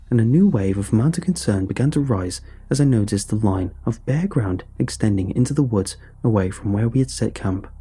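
A man narrating a first-person horror story in a steady, dramatic storytelling delivery. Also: on the low side, husky.

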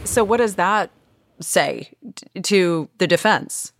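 A woman's voice: on the low side, expressive, takes it slowly, slight background noise. A woman co-hosting a news podcast, setting up stories and prompting her co-host with questions.

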